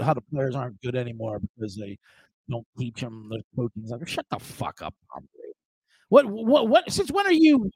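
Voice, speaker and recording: Male host, high and lively voice, profane comic rant, dry studio mic. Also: husky, no echo, rough recording. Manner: profane, animated, mimics family members. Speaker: sports betting show host. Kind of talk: comedic live-stream rant.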